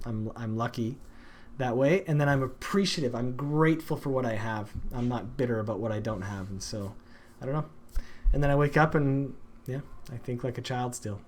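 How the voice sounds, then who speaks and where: A man's voice: medium pitch, a little hiss or hum. A man, a father, hosting a stream and ranting emphatically about food with lots of swearing. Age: adult father. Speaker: streamer, show host. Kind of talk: casual profane chat.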